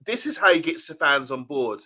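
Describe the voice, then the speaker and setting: Bright-voiced man chatting on a livestream. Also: on the high side, very animated, a little fast. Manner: chatty, reads out viewer comments. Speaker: co-host of a fan channel live show. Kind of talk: casual live-stream chat.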